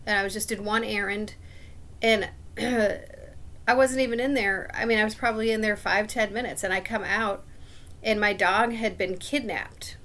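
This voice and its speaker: A woman tells a long personal story in a loose, casual way, her voice gravelly and edged with fry, mid-range, steady, unhurried, and a bit bright. She sounds aggrieved and suspicious, clearing her throat repeatedly between rambling sentences.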